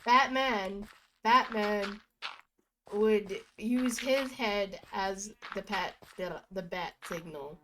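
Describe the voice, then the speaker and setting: A young woman streams from home, rambling through goofy stories while gaming, chatting casually with bursts of laughter. Her mid-range voice is a bit bright and very slow, and the rough recording carries a little hiss or hum.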